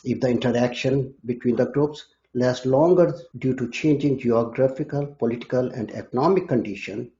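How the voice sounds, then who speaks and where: A man discussing linguistics on a podcast in a measured, lecture-like way. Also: medium pitch, warm tone, lo-fi sound. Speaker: linguistics scholar.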